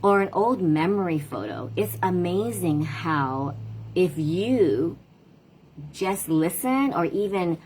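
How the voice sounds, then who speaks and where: A woman's voice: lowish voice, lively intonation, slow pace, darkish tone, slight background noise. A middle-aged woman and parent coach, talking casually and reflectively in a livestream. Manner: reflective, conversational, tells stories about her daughters.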